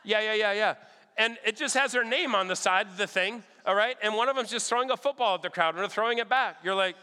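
High, bright-voiced man preaching with stories. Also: fast, clear, resonant tone. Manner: animated, checks in with "all right?" often. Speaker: pastor. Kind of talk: storytelling sermon. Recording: long hall reverb.

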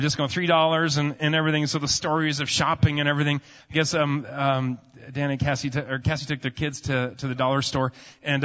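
This pastor, a man in his thirties, speaks with a slightly high, bright and forceful voice while delivering a sermon in a church sanctuary. His family anecdotes ramble along informally, packed with fillers, and the recording is muffled and drenched in long hall reverb.

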